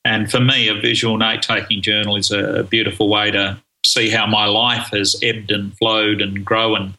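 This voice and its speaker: A man's voice: lowish voice, little pitch movement, normal speed, sharp tone, poor audio. A middle-aged man, a guest on an interview show, explaining his ideas enthusiastically with frequent ums and restarts. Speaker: guest speaker on learning. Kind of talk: conversational interview answers.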